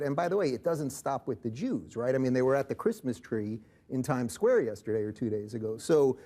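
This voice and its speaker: A man arguing as a guest on a TV panel, assertive and quick to push back. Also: medium pitch, lively intonation, dark tone. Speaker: political commentator guest. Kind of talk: panel debate. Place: TV studio.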